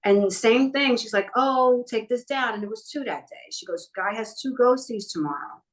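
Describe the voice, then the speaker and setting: Woman, middle-aged, from New York, lively storyteller, mid-pitched voice. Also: moderate pace. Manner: animated, acts out the people in her stories. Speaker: guest, talent manager. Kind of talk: personal storytelling in a casual interview.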